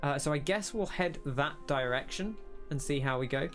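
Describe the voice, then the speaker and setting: A man's voice: on the high side, moderate pace, soft background music. A young man casually commenting while playing a game, musing aloud and rambling as he thinks through what he sees. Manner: musing, rambling, self-interrupting. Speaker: let's play host.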